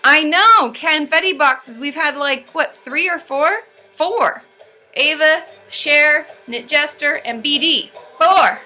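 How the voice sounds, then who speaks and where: A woman hosting a live stream as a therapist, chatting casually and getting loud and excitable as she cheers. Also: high-pitched, slow pace, faint music behind.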